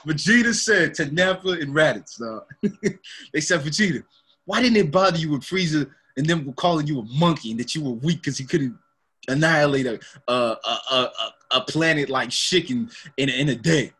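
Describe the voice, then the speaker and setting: A man's voice: on the high side, expressive, normal speed, bright, forceful tone, breathy edge. A young man co-hosting a podcast in casual chat, laid-back, laughing often and calling his friend man and dog. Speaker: podcast co-host.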